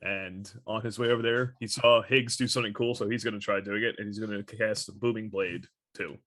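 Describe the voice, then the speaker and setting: A man with a low voice describes his character's turn in a tabletop game. He keeps it relaxed and matter-of-fact as he goes through each move. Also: fairly quick. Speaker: player.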